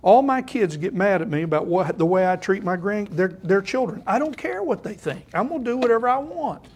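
An older pastor delivers a sermon in a notably high voice. He talks to the congregation casually, then reads scripture with rising emphasis. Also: expressive, brisk, darkish tone, slightly rough. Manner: conversational preaching that swells into emphatic scripture reading.

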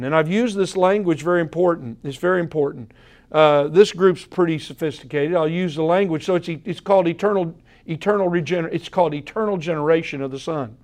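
A man preaching an evening sermon, earnest and emphatic, slowing down to repeat key words and addressing his listeners directly. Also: on the high side. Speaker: pastor.

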